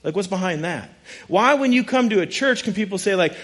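A man preaching a sermon in a conversational, animated way, with frequent asides. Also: high-pitched, moderate pace. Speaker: pastor.

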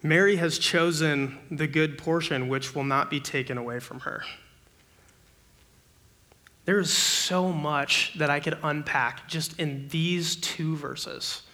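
Bright and forceful, with a voice a little on the high side, a young campus ministry preacher delivers a conversational sermon. He poses quick rhetorical questions to his audience and breaks into animated bursts while acting out everyday scenes.

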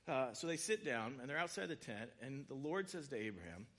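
Chatty man preaching, bright tone. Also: medium pitch, sing-song. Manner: casual, conversational storytelling with quick voiced asides. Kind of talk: sermon retelling scripture.

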